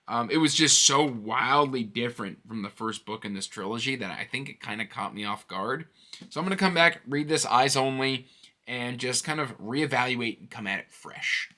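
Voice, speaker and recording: A man in his thirties talks through his reading plans in a casual, rambling vlog, breaking into animated asides. His voice is bright and forward and sits at an ordinary middle pitch. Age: 30s. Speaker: book channel host.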